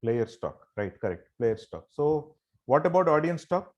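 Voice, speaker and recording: A man's voice: on the high side, big pitch swings, a little slow, lo-fi sound. A man giving an online motivational session over a video call. He speaks emphatically, fires rhetorical questions at his listeners and keeps calling them "my dear friends". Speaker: motivational trainer.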